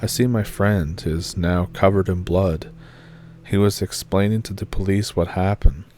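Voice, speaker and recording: A man with a low, dark voice tells a first-person horror story in a steady, measured read. His mellow tone sits over a faint hiss. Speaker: story narrator.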